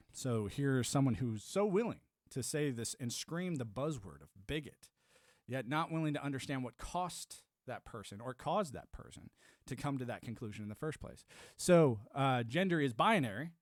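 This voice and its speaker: A man in his thirties hosts a livestream, chatting casually and answering chat in a rambling way, restarting sentences and laughing to himself. His voice is mid-range, and the studio sound is clean with no echo.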